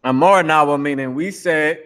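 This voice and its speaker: Man, live online teacher, casual, a bit high voice, repeats himself. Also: normal speed, fairly bright tone, clean tone. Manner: casual, repeats himself, curses when the stream drops. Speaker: language teacher. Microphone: streaming to Facebook and YouTube.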